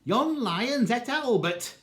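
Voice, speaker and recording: A man's voice: very high voice, expressive, takes it slowly, fairly bright tone, pitched above the performer's own voice, exaggerated voice. A man voicing an indignant northern working-class mother with a northern English accent, hollering in outrage. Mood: aggrieved.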